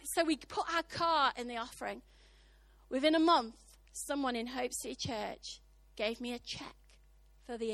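A middle-aged British woman preaching a sermon, animated, acting out the voices of God and the people in her stories. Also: a little high, no room sound. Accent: British English.

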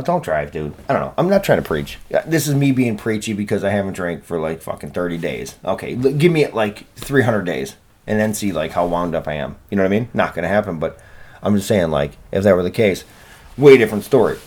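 A man's voice: low voice, very animated, fairly quick, a little mellow. A man hosting a solo podcast, rambling and swearing in a self-deprecating, casual way. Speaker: podcast host.

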